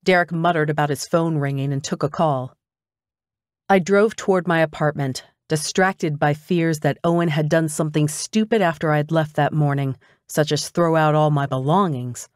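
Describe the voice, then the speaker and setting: A woman narrating a cozy mystery audiobook in the first person, lively and eager. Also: deep voice, normal speed, no echo, clean studio sound.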